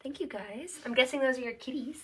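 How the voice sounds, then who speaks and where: A woman's voice: high-pitched, a little fast, sharp tone, slight background noise. A woman hosting a casual livestream at a cat shelter, chatty and giggly, thanking viewers by name. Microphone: phone held in hand.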